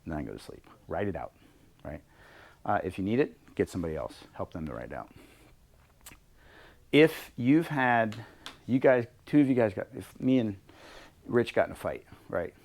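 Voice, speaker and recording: A middle-aged man leading a workshop on leadership, talking in a lively way and acting out bits of dialogue in different voices. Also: fairly low pitch, normal speed, vocal fry, pauses often. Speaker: leadership coach. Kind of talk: workshop talk. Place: workshop room with a small group.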